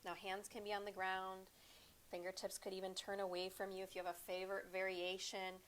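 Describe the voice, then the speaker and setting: A woman leads a slow yoga flow, calling out each breath and pose in a calm, unhurried voice. Her pitch sits in an ordinary middle range. A faint hiss runs under the recording. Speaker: yoga teacher. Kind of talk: guided yoga class instruction.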